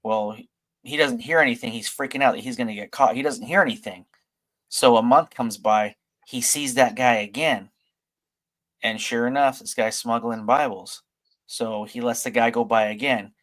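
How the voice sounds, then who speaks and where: A man's voice: mid-range voice, normal speed, fairly bright tone. Rambling man telling a story. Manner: rambling, filler-heavy retelling. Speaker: podcast host. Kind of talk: casual storytelling.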